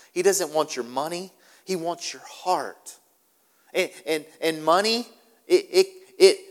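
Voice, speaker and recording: A male pastor delivers a sermon emphatically, repeating key phrases for stress. His voice sits fairly high. The sound rings with the long reverb of a large hall. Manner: animated, repetitive, emphatic.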